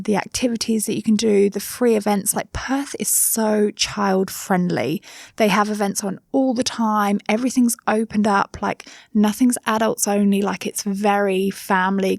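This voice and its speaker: Thirties woman, Somerset English accent, gravelly edge, relaxed chatty guest. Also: mid-range voice, no echo, clean studio sound. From England. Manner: chatty, with many fillers and asides. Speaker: interview guest. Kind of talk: casual interview chat.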